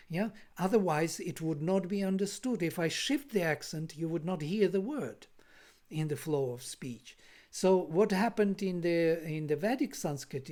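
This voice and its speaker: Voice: mid-range voice, darkish tone. Linguist lecturing with frequent "yeah?" check-ins. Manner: explanatory, checks in with listeners with "yeah?". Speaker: linguist lecturing on Vedic accent.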